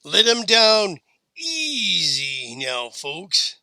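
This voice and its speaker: A man voicing a tough frontier woman gunslinger with quiet authority, speaking in a dry western drawl. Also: sits high, huge pitch swings, extremely slow, no room sound, exaggerated voice.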